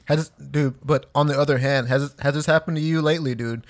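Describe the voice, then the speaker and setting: A man's voice: fairly high pitch, fairly even intonation, fairly quick. A man co-hosting a podcast in casual banter, laughing and swearing as he stretches out his jokes. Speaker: podcast co-host.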